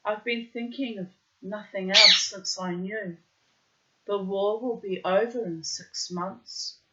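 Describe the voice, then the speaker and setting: An earnest young soldier pleads his case, read by a woman in her own narrating voice. The delivery is slow and bright with a forceful edge, and the recording sounds dull and lo-fi. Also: mid-range voice.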